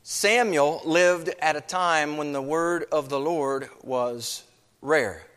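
A man's voice: fairly high pitch, slow, fairly bright tone, clear, resonant tone, long reverb tail. A man preaching a sermon as pastor, earnest, with many rhetorical questions.

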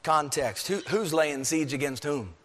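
A man preaching a sermon, swinging between emphatic, raised peaks and low, quiet stretches. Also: a little slow. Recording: long hall reverb.

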